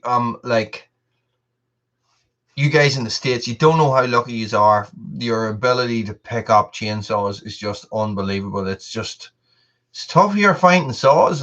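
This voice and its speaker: A man's voice: mid-range voice, a bit bright, muffled recording. A man hosting a casual live stream, rambling with many restarts and chatting to viewers and his dog. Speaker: livestream host.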